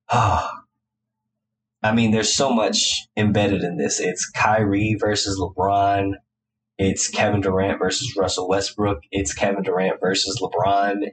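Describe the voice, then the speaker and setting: A low-pitched man with a stuffy, nasal voice chats his way through a solo sports podcast. His delivery is casual and opinionated, and he rambles from point to point. A constant hum sits clearly under his voice. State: congested, nasal. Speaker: podcast host.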